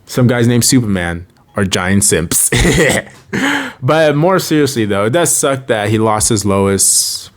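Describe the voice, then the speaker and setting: A man casually reviewing a show, rambling and joking, breaking into sudden high dramatic outbursts. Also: lively intonation, unhurried. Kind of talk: casual video review commentary.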